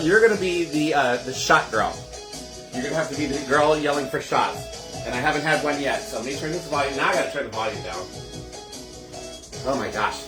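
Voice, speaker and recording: A man's voice: on the high side, roomy sound. A man hosting a casual live cocktail show from his kitchen, chatty and gushing as he greets viewers. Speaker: host of a home cocktail livestream.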